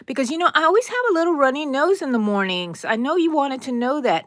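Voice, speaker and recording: A woman's voice: high voice, animated, quick pace, a bit bright, no room sound. Woman, crochet live-stream host, casual playful chat, frequent laughter, dry sound. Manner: chatty and playful, laughs often, greets viewers by name.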